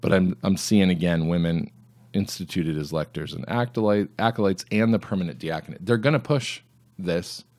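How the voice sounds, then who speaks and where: A man's voice: deep voice, normal speed, darkish tone. A man hosting a solo commentary podcast, reading items aloud and answering them with sarcastic, mocking asides. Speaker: podcast host.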